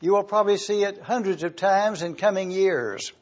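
A male pastor with a high-pitched voice preaches a sermon to his congregation, slow, deliberate and emphatic, pausing often. The audio sounds dull.

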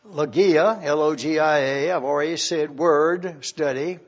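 A man preaching a teaching sermon, reading scripture aloud and slowly spelling out terms. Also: on the high side. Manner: slow and deliberate, spelling out terms. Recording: dull lo-fi sermon recording.

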